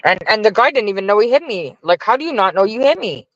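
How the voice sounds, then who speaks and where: A man's voice: high voice, very animated, fast talker, fairly bright tone, dry recording, dull audio. A man venting casually to his stream viewers, profane and exasperated as he rants. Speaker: livestreamer talking to chat.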